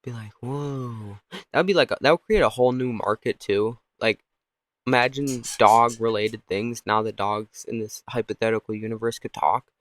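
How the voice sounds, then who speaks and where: A man's voice: medium pitch, moderate pace, no room sound. A man hosting a podcast, rambling through goofy comic ideas with frequent laughs. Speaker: podcast host. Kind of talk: casual rambling comedy monologue.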